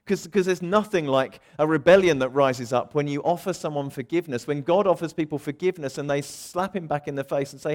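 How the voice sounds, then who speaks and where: Male preacher, expressive sermon delivery, acts out quoted voices, loud-to-soft swings. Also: a little high.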